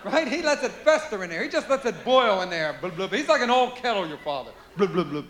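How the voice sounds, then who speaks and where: A man's voice: extremely high pitch, very animated, fast talker. A male stand-up comedian performing a routine on a live stage, firing rhetorical questions at the audience. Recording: echoey live venue with crowd noise.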